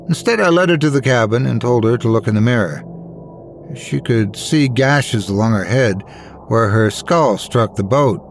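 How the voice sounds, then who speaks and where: Expressive male horror-story narrator. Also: medium pitch, slight background noise. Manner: measured, dramatic reading.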